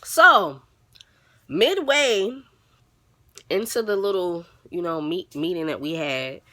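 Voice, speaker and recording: A woman vlogger telling a story in a casual, animated way, blunt and swearing freely. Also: on the low side, moderate pace.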